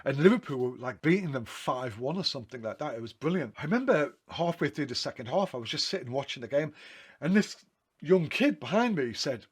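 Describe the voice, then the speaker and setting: A man's voice: a little high, expressive, fairly quick, slightly rough. Chatty man rambling through photo stories. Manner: rambling, self-correcting, chatty. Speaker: photographer talking through his photo book. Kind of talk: casual anecdotal storytelling.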